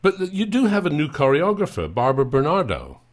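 A man's voice: on the high side, huge pitch swings, a little fast. A man interviewing a theater director, chatty and complimentary, often stumbling over restarts. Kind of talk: interview questions.

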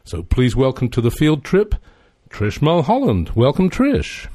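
A man hosting a radio show, reading measured introductions and then asking easy conversational questions. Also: medium pitch, wildly swooping pitch, mellow. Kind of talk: radio interview.

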